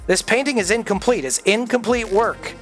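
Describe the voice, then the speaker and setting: A man's voice: high voice, normal speed, a bit bright, soft background music. A man streaming and chatting casually, blunt and profane, acting out voices as he retells stories. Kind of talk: casual livestream chat.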